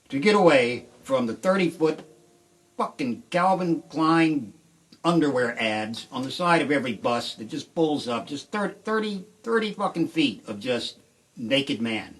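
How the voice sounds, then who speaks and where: Rambling deadpan male comic, live stream. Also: medium pitch. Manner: rambling, deadpan storytelling with sudden shouted outbursts. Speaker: comedian and musician. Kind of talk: live-streamed stand-up storytelling. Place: home shed.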